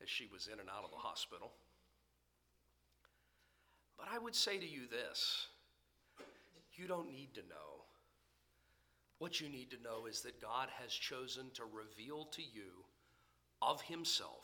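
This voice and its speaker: A man preaching a sermon in church as pastor, swinging between loud emphasis and hushed near-whispers. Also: mid-range voice, big pitch swings, measured pace, pauses often. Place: church sanctuary.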